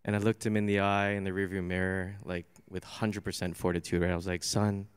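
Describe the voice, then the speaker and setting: A man's voice: low-pitched, level tone, brisk, clean tone. A man in his forties giving a personal testimony at a church service, telling his story earnestly. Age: 40s.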